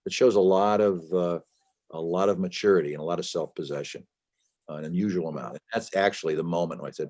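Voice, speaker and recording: A man's voice: sits low, fast, darkish tone. A man answering interview questions as an author over a video call, talking at length with emphasis, frequent restarts and fillers. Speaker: author guest.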